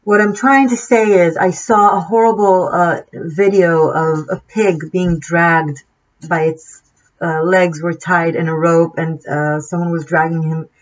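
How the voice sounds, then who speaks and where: A woman tarot reader giving an impassioned, preachy monologue, swearing freely and restarting her sentences often. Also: on the low side. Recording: dull lo-fi sound.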